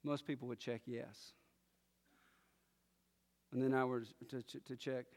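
A man preaching a sermon, moving from quiet musing to loud declaring. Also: mid-range voice, level tone, measured pace, pauses often, long reverb tail. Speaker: pastor.

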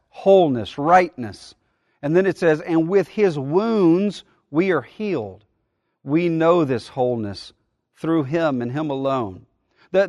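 A man's voice: a little high, dry recording. Man preaching a sermon, dry close sound. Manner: earnest preaching, slows and swells on key phrases. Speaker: pastor.

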